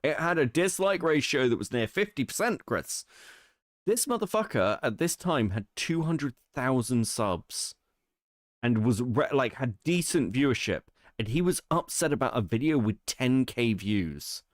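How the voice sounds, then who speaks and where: Lively, mocking male podcast co-host. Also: medium pitch, a little slow, no echo, clean studio sound. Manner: animated, mocking, swears freely. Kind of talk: casual commentary chat.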